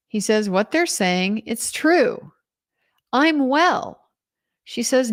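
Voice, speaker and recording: A female legal commentator retells courtroom testimony with animation, voicing other people's quotes herself. Her voice sits in the mid range, and she speaks slowly with frequent pauses.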